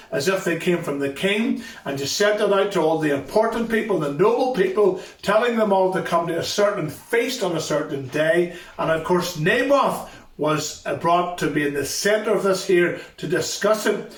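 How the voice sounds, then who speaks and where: A man with a fairly high voice retells a Bible story to a school assembly, driving points home by repeating them. He stands far from the mic in a roomy, echoing hall. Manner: storytelling, emphatic repetition. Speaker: youth ministry speaker.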